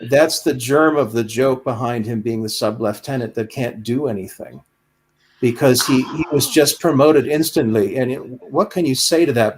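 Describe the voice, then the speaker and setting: A man in a casual podcast chat, telling stories with lively, animated delivery. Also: mid-range voice, moderate pace, breathy edge. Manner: animated storyteller, slips into quoted voices.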